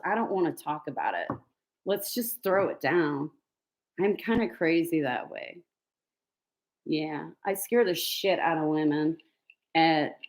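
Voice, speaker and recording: Blunt, profane woman telling stories. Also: lowish voice. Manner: blunt and profane, laughing between lines; rambling with many fillers. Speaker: vlogger. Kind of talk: casual storytelling.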